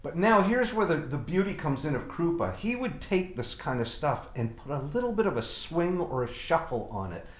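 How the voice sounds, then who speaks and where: A man's voice: fairly high pitch, big pitch swings, moderate pace, hardly any pauses. A man giving a drum lesson, explaining stickings step by step between bursts of playing. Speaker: drum teacher. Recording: echoey room with drums.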